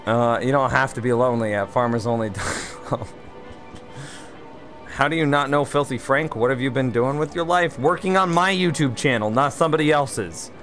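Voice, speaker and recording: A man's voice: mid-range voice, moderate pace, fairly bright tone, faint music behind. A man hosting a game livestream, reading viewer chat aloud and answering it in a wry, chatty way, one beer in and a little tipsy. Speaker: livestream gamer host.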